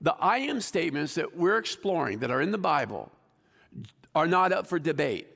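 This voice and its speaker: A man's voice: on the high side, big pitch swings, moderate pace, vocal fry, a bit bright, in a large hall. A male pastor giving a conversational sermon and putting questions to the congregation.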